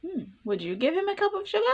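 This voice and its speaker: A woman reading a children's story aloud in an animated, playful way, asking the listener questions as she goes. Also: very high voice, dull audio, slight background noise. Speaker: storytime reader.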